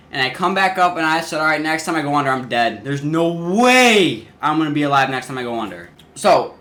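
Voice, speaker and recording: A teenage boy vlogger telling a casual story-time tale in an animated way, often restarting his sentences. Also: sits high. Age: teens. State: sweating in the heat.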